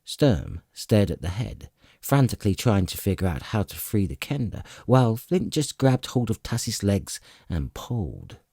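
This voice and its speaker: A man narrating a fantasy audiobook in a dramatic, expressive storytelling manner, recorded close to the mic. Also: fairly low pitch, a little slow, creaky, breathy edge, no room sound.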